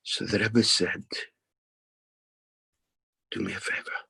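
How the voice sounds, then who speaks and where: Slow, husky male storyteller. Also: lowish voice, little pitch movement, bright, forceful tone, dry recording. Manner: unhurried, reenacts dialogue, drops to near whisper at tender moments. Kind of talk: spoken storytelling.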